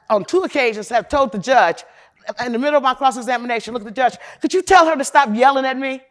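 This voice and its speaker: A defense lawyer from Chicago, USA, gives a candid, profane conference talk, loud, emphatic, and opinionated, addressing the audience directly. Her voice is slightly high.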